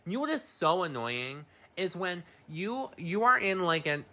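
A man casually recapping a horror film as a host, animated and chatty, acting out the characters' lines between narration. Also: high-pitched, measured pace. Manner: animated, swears and laughs, acts out characters' lines.

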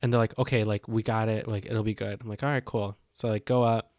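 A young podcast co-host with a fairly low voice talks fairly quickly through a casual, animated story, acting out the things people said. The recording is dry and studio quality.

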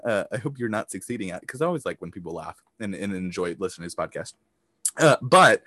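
A man's voice: mid-range voice, fairly bright tone, dry recording, clean studio sound. A man hosting a motivational business podcast, talking emphatically, swearing casually and acting out hyped-up voices. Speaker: podcast host and business coach.

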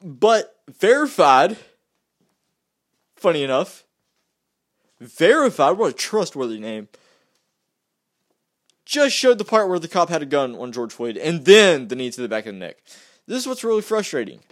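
High, animated man ranting heatedly. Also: unhurried, pauses often. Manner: exasperated, repeats himself, stumbles and restarts. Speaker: vlogger.

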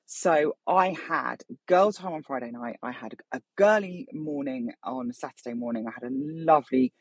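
A middle-aged woman hosts her own show and rambles through a personal story, swearing freely and chatty throughout. Her voice has a husky, breathy edge. The sound is close and dry. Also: a bass voice, expressive, moderate pace, dry recording. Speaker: podcast host. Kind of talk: casual storytelling monologue.

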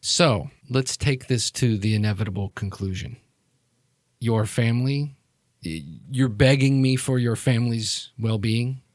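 A man voicing a cold, menacing male crime boss in a tabletop game, speaking in slow, quiet, measured threats. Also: mid-range voice, no echo, clean studio sound, lightly acted.

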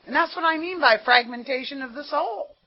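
American woman sharing her recovery story at a meeting, fairly high voice, dull lo-fi tape. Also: fairly quick. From United States. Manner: earnest, conversational storytelling with frequent "you know". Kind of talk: personal recovery testimony. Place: meeting room.

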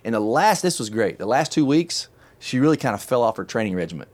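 Fast-talking middle-aged man telling a story. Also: mid-range voice. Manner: animated, chatty, laughs often. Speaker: podcast host telling a story. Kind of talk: casual storytelling chat.

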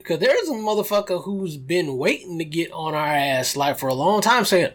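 A man's voice: fairly high pitch, sing-song, moderate pace, fairly bright tone. A man in a casual group chat, blunt and sarcastic, swearing freely.

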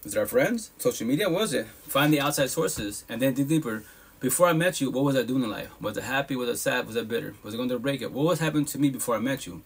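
A man's voice: medium pitch, animated, fast talker, breathy edge. A man hosting a live podcast, giving casual, heartfelt advice in a blunt, profane, repetitive and emphatic way.

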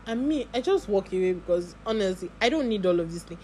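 A woman's voice: medium pitch, expressive, quick pace, warm tone, a little hiss or hum. A woman with a Nigerian accent, telling a long story in a casual vlog and full of asides and acted-out dialogue. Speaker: vlogger.

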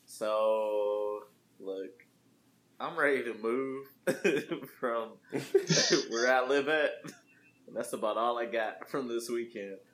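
A man's voice: medium pitch, slow, a bit bright. A young man co-hosting a podcast, chatting casually in a joking, playful way. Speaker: podcast co-host. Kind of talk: casual chat.

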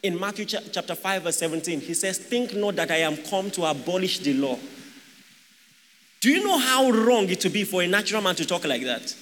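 High, bright-voiced preacher in a reverberant hall. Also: male voice, expressive, a little fast, a little hiss or hum. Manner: rhetorical questions to the congregation, joking asides. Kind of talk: sermon.

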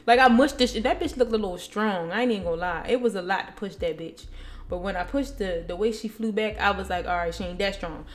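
A woman's voice: medium pitch, fast talker. Brief: young woman co-host, casual storytime chat, blunt and profane, plain mid-range voice. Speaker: podcast co-host.

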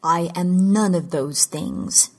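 A woman narrator voicing a cunning man who speaks smoothly and calmly, keeping control. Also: on the low side, slow pace. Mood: guarded calm. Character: calm, cunning male magician, menacing.

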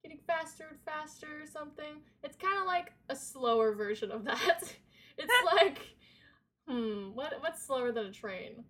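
A woman's voice: high voice, lively intonation, moderate pace, fairly bright tone. A young woman co-hosting a podcast, chatting casually with frequent laughs and lots of filler words. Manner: giggly, rambling, lots of "like". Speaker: podcast co-host. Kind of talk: casual chat.

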